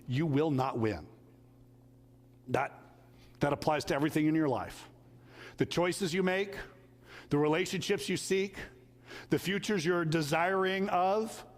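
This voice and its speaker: A man's voice: on the high side, big-room sound. A male pastor preaching a sermon, telling stories in a conversational way and acting out the quotes. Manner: conversational storytelling with acted quotes.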